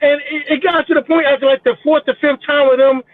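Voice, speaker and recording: Guest, male, very high voice, foul-mouthed storyteller, phone-quality dry line. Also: quick pace, no room sound. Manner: profane, animated, mimics people in quotes. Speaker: podcast guest. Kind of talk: casual storytelling.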